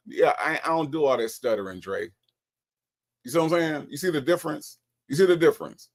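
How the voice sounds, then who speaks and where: A man's voice: a little high, expressive. Guy streaming, calling someone out, repeats himself, takes his time. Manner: confrontational, drawn-out, repetitive. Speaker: livestream host. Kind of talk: commentary on call recordings.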